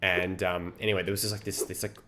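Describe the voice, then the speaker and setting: A man's voice: deep voice, little pitch movement, fast talker. A man chatting casually on a live stream, rambling through stories and swearing freely. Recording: game music behind.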